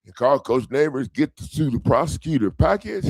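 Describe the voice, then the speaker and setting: Man, middle-aged, gravelly, lively swooping pitch, profane storytelling, dry close sound. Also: normal speed, no room sound. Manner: animated, profane, laughing, acts out quoted voices. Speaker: legal self-help coach. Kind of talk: casual storytelling monologue.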